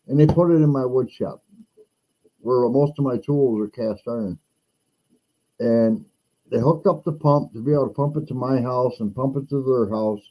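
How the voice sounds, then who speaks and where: A middle-aged man hosting a casual chat, telling a rambling story and acting out the other people's lines. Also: poor audio. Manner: animated, acts out quoted voices higher; rambling with restarts. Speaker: podcast host.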